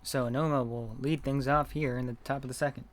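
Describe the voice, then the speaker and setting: A man doing live play-by-play commentary of a game, reading chat messages between pitches, his voice not feeling well. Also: fairly even intonation, fairly quick. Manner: reads chat messages between calls, gets loud on big hits.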